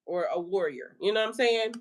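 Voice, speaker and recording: A woman's voice: mid-range voice, a little fast. A woman hosting a livestream as a spiritual life coach, chatting casually with viewers in a playful, slangy way and laughing often.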